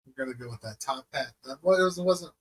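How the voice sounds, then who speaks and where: A man's voice: mid-range voice, fast talker, slight background noise. A man co-hosting a podcast, chatting in a hesitant way with restarts and frequent laughs. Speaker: podcast co-host. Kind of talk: casual chat.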